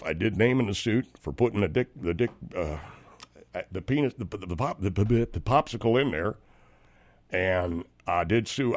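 A man's voice: lowish voice, a little mellow, dry recording, close to an everyday voice. A man playing a flustered, aggrieved husband. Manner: stammering, tripping over words, aggrieved. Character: flustered indignant suburban husband suing over a prank. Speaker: host of a comedy segment. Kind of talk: comedic character monologue.

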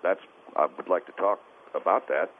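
Very deep-voiced man calling in by phone. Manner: halting, stammering and distressed. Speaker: caller. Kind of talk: call-in radio conversation. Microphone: telephone. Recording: tinny phone line with faint hiss.

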